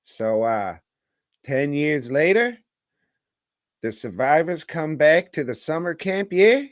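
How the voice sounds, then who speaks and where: A man's voice: on the high side, animated, takes it slowly, no room sound, studio quality. A man co-hosting a movie review podcast, rambling and joking in casual, profane banter sprinkled with "mate" slang.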